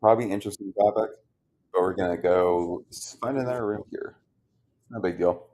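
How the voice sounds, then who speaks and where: A man's voice: low voice, a little fast, dark tone. Easygoing man hosting a live stream. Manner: easygoing, chatty, addresses viewers directly. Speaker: host relaying audio rooms.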